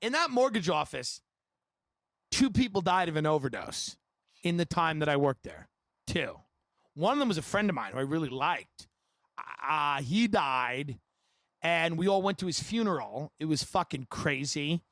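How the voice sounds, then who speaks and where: A man with a fairly high voice tells comedic stories on a podcast. He talks in an animated, rambling way and chuckles between lines. The sound is dry and close. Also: moderate pace, dry recording. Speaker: podcast host. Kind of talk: comedic storytelling.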